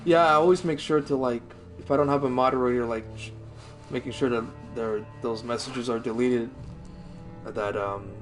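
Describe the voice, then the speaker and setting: A man's voice: medium pitch, steady tone, moderate pace, faint music behind. Rambling livestreamer man, filler-heavy talk. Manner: rambling, filler-heavy, lots of "like" and "you know"; swears casually. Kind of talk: casual chat with stream viewers.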